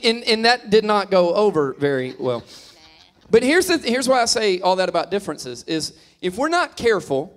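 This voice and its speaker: A man's voice: sits high, a bit bright. A man in his thirties, a pastor, preaching a humorous sermon and teasing the congregation as he tells stories. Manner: joking, teasing storyteller addressing the crowd.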